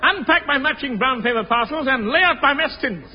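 An actor playing a pompous, bumbling British adventurer hero in a 1950s radio comedy, with an excitable, blustering voice. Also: male voice, extremely high pitch, a little fast, a faint crowd. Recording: noisy lo-fi vintage radio recording.

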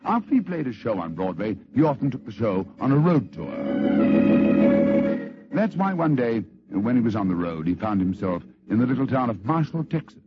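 A man's voice: medium pitch, very animated, normal speed. A man telling a story in scripted radio narration, dramatic and theatrical, on a lo-fi old radio recording.

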